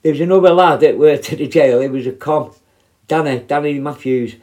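A man's voice: on the high side, fairly quick, dark tone. A middle-aged man, telling prison stories in a blunt, sweary, rambling way. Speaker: former prison officer. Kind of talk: casual storytelling.

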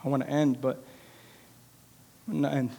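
A man preaching a sermon as pastor, swinging between loud cries and quiet asides, often dropping the word "man" into his talk. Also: mid-range voice, little pitch movement, moderate pace, gravelly, a little hiss or hum. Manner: repeats the filler word "man". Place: church sanctuary. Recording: long hall reverb with soft music.

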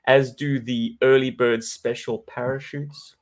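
A man's voice: mid-range voice, level tone, unhurried. A South African man co-hosting a casual podcast chat, wordy and playful. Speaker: podcast co-host.

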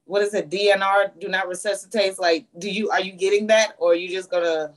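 A woman's voice: medium pitch, fairly even intonation, a little fast. A woman in casual group chat, playful and teasing, acting out little scenes as she talks.

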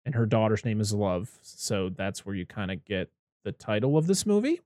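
A man in casual podcast chat, rambling and animated, swearing often as he reviews a film. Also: on the low side, moderate pace, no echo, studio quality.

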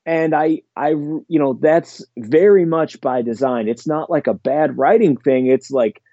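A man's voice: on the high side, a little slow, dark tone, no room sound, muffled recording. A man hosting a casual podcast chat, rambling enthusiastically about horror movies with many fillers and restarts. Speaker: podcast host.

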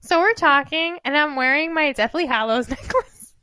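A woman in her twenties, co-hosting a podcast, telling a story in casual chat and acting out every quote with animated swings of voice. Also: normal speed, dry recording, studio quality. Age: 20s. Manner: animated, acts out quoted dialogue with big pitch jumps and laughter. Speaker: podcast co-host.

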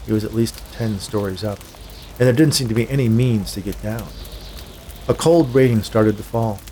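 A man reading a dark tale aloud in a measured, scripted storytelling manner. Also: on the low side, a little hiss or hum. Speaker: narrator. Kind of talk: scripted audiobook narration.

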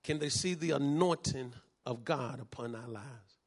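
A man, preaching a sermon as pastor, moving from calm teaching to shouted fervor. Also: mid-range voice, measured pace, husky.

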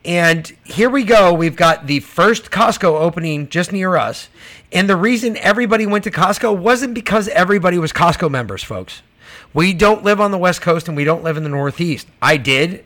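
A man's voice: fairly high pitch, fairly bright tone. A male podcast co-host ranting casually and profanely about prices and taxes. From Georgia. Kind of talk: casual political chat.

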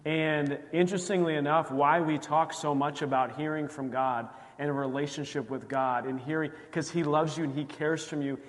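A man's voice: fairly high pitch, in a large hall. A male pastor preaching a sermon in a conversational way, often acting out quoted voices. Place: church sanctuary.

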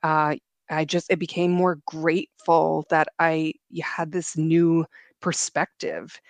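A woman's voice: deep voice, flat delivery, creaky, no echo. Earnest woman telling her story. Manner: earnest, reflective, with halting restarts. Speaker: interview guest. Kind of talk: emotional personal storytelling.

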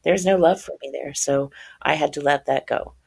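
Earnest woman with a gravelly voice. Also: low voice, moderate pace. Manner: earnest, religious, tearful at times, acts out voices in her story. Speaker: author and guest. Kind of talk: emotional personal account in a podcast interview.

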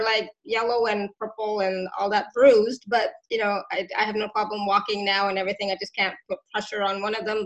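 A woman hosting a relaxed conversation, her voice sitting a little high for a woman. She sounds effusive and deeply grateful, and she laughs often between thoughts. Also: poor audio. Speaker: host. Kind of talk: casual chat.

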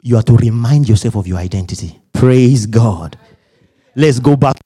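A male pastor delivering a humorous, animated sermon to his congregation. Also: medium pitch, normal speed, slightly rough.

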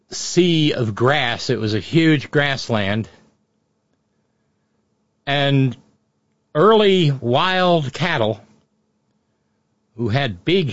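A man doing an exaggerated Minnesota accent as a folksy local, speaking slow and drawn out. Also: fairly high pitch, no echo. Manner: slow, drawn-out mock storytelling. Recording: dull, dry lo-fi audio.

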